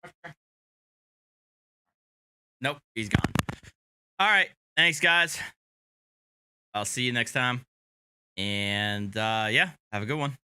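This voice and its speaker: A man chatting on his stream in a relaxed, joking way after a few beers. His voice is bright and clean, and the room sounds dry and close. He sits near the mic. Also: mid-range voice, slow, pauses often, smooth, dry recording. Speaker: streamer host. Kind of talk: casual live-stream chat.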